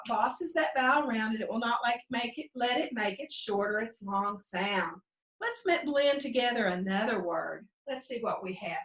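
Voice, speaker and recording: A woman teacher walks young children through a phonics lesson, drawing out each sound and lifting her voice brightly on the answers. Her voice is high and very lively. She sits a little away from the mic in a roomy, echoing space. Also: far from the mic. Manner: slow, drawn-out sounding out of words; sing-song, encouraging teacher talk. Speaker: second grade teacher.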